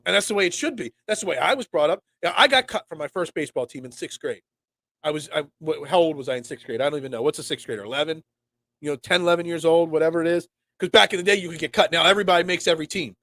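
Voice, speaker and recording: Sick guy in his 40s from pennsylvania hosting sports talk, kinda high voice, rambly, keeps restarting. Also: vocal fry, bright, forceful tone. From Pennsylvania, USA. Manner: rambling, stammers and restarts, reads and answers chat. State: sick, congested. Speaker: sports talk show host.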